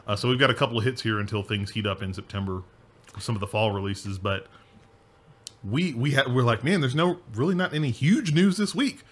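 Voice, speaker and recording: A man's voice: mid-range voice, a little fast. A man hosting a casual gaming podcast, rambling with restarts and laughing often. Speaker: podcast host.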